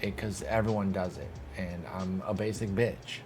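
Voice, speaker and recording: A man's voice: low voice, steady tone, normal speed, over music. A young man giving casual gameplay commentary, talking to himself and the game with exasperated, profane bursts of mock outrage. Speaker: gaming streamer.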